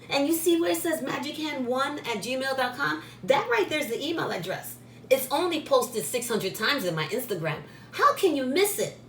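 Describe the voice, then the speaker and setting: Blunt woman vlogger, repeats herself, higher voice, echoey room, faint noise. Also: a bit bright. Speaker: spiritual shop owner and channel host. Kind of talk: casual direct-to-camera vlog.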